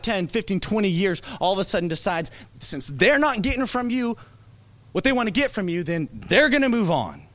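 A young man with a Texan accent preaches from the pulpit in a fairly high voice. He tells his story with lots of energy and slips into the voices of the people he quotes. He laughs at himself now and then as he talks. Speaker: pastor. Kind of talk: storytelling sermon.

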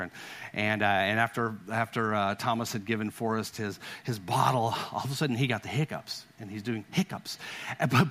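A man preaching a sermon to his church as pastor, telling stories and leading the congregation in call-and-response with rhythmic repeated lines. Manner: pitch swings from hushed low to raised.

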